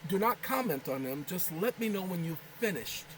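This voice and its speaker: A man's voice: high voice, expressive, normal speed, a bit bright, slight background noise, poor audio. A man hosting his own video channel, chatting casually at home, rambling and joking while scolding aside. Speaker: channel host. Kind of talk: casual talking-head video chat. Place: home kitchen.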